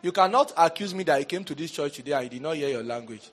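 A man with a Nigerian accent preaching a lively sermon in a church, with asides to the congregation that rise to shouts. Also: fairly high pitch, fast talker. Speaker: pastor. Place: church hall.

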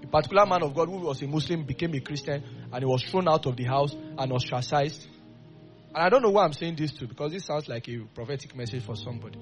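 A man delivers a fervent sermon in a voice pitched a little high. He shifts between low, confiding asides and loud, forceful bursts. Soft music plays faintly behind him. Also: fast. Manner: acts out quoted voices. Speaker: preacher.

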